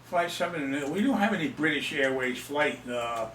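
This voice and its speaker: Rambling older man, bright, in an echoey room. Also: a little high, animated, normal speed, far from the mic, a little hiss or hum. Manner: rambling, self-mocking, repeats himself. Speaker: storyteller. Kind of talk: casual storytelling. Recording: echoey room, away from the mic.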